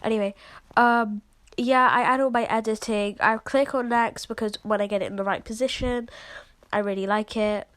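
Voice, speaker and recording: A woman's voice: on the high side, fairly even intonation, normal speed, fairly bright tone, no echo. A sick, congested woman with a cough, chatting casually and apologetically as she walks viewers through her video editing. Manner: chatty and apologetic, lots of fillers. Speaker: video creator showing her editing process. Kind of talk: casual screen-recording walkthrough.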